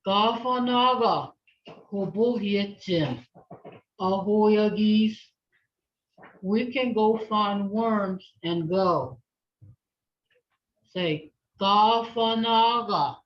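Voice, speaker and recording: A woman leads a language class over a video call, speaking very slowly and patiently as she models each word to be repeated. The audio is dull and lo-fi, like a compressed call. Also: medium pitch. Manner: patient, slow, repeats words for the learner. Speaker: language instructor. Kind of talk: online language lesson with call and response.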